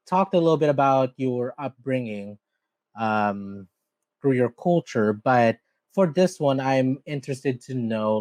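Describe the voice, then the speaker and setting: A man's voice: medium pitch, a little mellow, no echo. A man hosting a podcast, chatty and upbeat, talking casually with many fillers. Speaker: podcast host. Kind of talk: casual interview chat.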